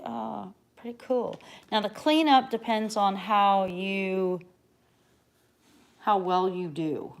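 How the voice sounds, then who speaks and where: A chatty middle-aged American woman rambles through her craft livestream at a middle pitch. She drifts between quiet mutters to herself and sudden loud, excited bursts, talking casually to her viewers. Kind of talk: casual live-stream chat.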